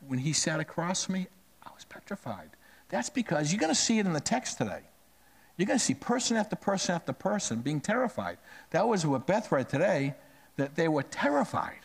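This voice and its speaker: A middle-aged male pastor delivering a sermon in a conversational storytelling way, dropping to hushed asides and rising on emphatic phrases. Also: medium pitch.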